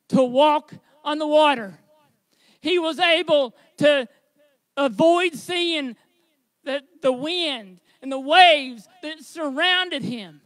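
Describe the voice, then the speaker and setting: High-voiced, slow-preaching male pastor. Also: dry recording. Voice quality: high tenor voice. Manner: earnest preaching that builds to shouted exhortation. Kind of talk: sermon.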